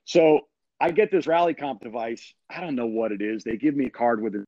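A man's voice: medium pitch, brisk, warm tone, dry recording. A man guest on a podcast, telling a story energetically in laid-back slang with frequent restarts. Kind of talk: animated storytelling. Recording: dull, dry lo-fi sound.

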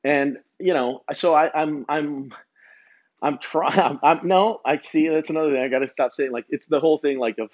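A man's voice: fairly high pitch, moderate pace, muffled recording. A man hosting a solo podcast, rambling through a laid-back, profane monologue full of stammered restarts. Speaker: podcast host.

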